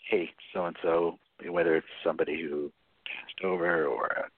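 A man's voice: sits low, steady tone, moderate pace, no room sound. A man speaking as a guest author on a radio interview, explaining things chattily and often checking in with "right?". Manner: chatty, frequent "right?" tags and laughs. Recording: tinny phone line on radio.

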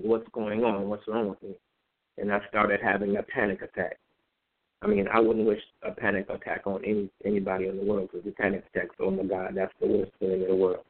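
Man, low gravelly voice, halting personal testimony, tinny phone-band sound. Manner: halting, with many fillers and repeated words. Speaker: interviewee telling his story.

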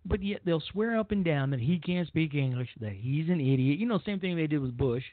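A man's voice: on the high side, lively intonation, a little fast, no echo. Blunt talk-radio host, man on a narrow line. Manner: blunt, rambling, repeats himself. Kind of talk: opinionated talk radio monologue. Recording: dry, phone-like narrow sound.

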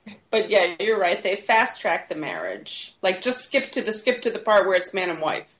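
A woman's voice: mid-range voice, lively intonation, moderate pace, fairly bright tone, low-quality recording. A woman co-hosting a podcast, casually retelling a movie plot with laughs and quoted lines. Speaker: podcast co-host. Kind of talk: casual movie recap chat.

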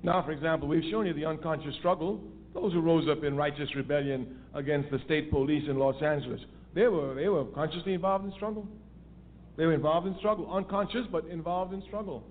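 High-voiced man lecturing over a phone line. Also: a little fast. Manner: emphatic, repeats key phrases for stress. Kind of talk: political lecture. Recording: tinny phone-line audio with faint noise.

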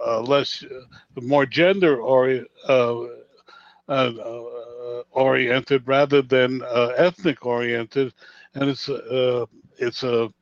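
Slow-talking older man hosting radio. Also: medium pitch, no room sound. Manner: halting, lots of uh and um. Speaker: radio host. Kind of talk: casual radio interview. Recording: dry lo-fi sound.

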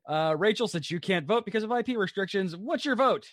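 A man's voice: high-pitched, dry recording, clean studio sound. A man hosting a casual podcast, running through plugs and show titles, laughing often. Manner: animated, laughs often, reads plugs briskly. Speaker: podcast host. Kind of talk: casual chat.

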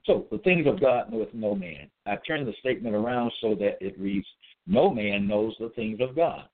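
A man delivering a slow religious monologue in an emphatic, repetitive way, spelling out letters and restarting his sentences with frequent hesitations. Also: medium pitch, animated. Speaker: self-styled religious teacher. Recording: tinny phone-like sound.

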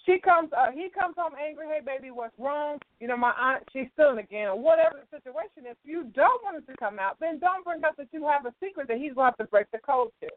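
A woman's voice: sits high, animated, fast talker, hardly any pauses, no echo. Emphatic woman hosting an advice radio show. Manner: emphatic, lecturing with repeated "right". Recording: tinny phone-like radio line with hiss.

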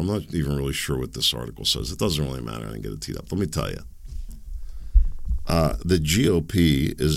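A man in his fifties with a very low, gravelly voice, hosting his own political talk show. He talks in a heated, rambling and sarcastic way, his pitch swinging widely from one phrase to the next. The recording is dry and close, with no room sound. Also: no room sound. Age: 50s. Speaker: podcast host. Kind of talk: political commentary monologue.

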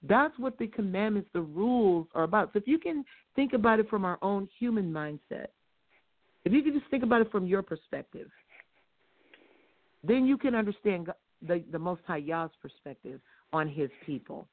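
A woman teaching on a religious talk show, emphatic and fond of rhetorical questions, with her stresses rising close to shouting. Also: medium pitch, animated, normal speed. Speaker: guest speaker. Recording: tinny phone line.

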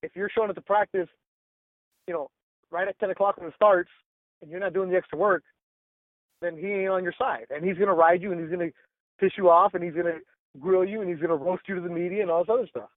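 A male sports reporter telling stories in a casual interview, animated and full of "like" and "bro", acting out quotes. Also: sits high, fast talker, long pauses, no echo, narrow, tinny audio. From Los Angeles. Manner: animated, acts out quotes, says "like" and "bro" often.

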